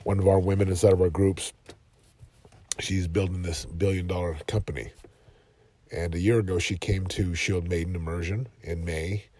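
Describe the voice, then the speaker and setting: A man in his thirties hosting a motivational podcast from his car, talking earnestly and rising to loud, passionate emphasis. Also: low-pitched, fairly even intonation, moderate pace. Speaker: podcast host and life coach.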